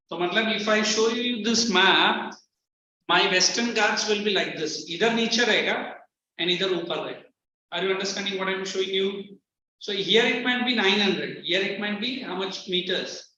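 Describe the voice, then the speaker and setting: A man's voice: high-pitched, a little fast, bright, forceful tone. A man with an Indian English accent teaching a class, mixing English with Hindi and firm with students, recorded from a distance in a classroom. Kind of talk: classroom lecture. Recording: echoey, distant, muffled classroom recording with faint noise.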